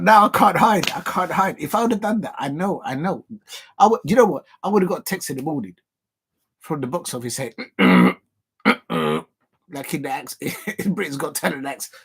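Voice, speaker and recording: Husky-voiced man hosting a football watch-along. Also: fairly high pitch. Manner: animated, repetitive catchphrases, laughs often. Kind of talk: casual livestream chat.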